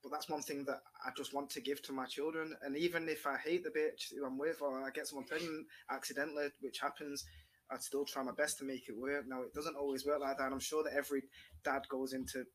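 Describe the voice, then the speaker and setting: Young man, podcast guest, fast, bright and emotional, swears casually. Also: medium pitch, slight background noise. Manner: emotional, swearing, quick and animated.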